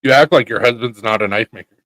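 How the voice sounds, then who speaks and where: A man's voice: mid-range voice, fast, fairly bright tone, no room sound. A man co-hosting a casual chat show, telling laid-back stories and swearing casually. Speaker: podcast co-host, knife maker.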